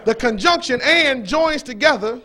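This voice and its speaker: A man with a very high, bright and forceful voice delivers a fervent sermon. He quizzes his listeners and builds to shouted peaks, with a faint congregation murmuring behind him. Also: animated, moderate pace, a faint crowd. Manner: preaching in rising bursts, shouting and questioning the audience. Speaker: preacher. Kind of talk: fiery sermon with call-and-response.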